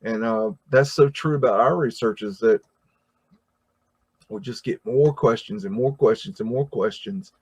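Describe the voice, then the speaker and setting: A man's voice: medium pitch, a little slow, darkish tone, husky. An American man hosting a casual livestream, talking through chat comments in a rambling way, with many fillers and restarts. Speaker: livestream host reading chat.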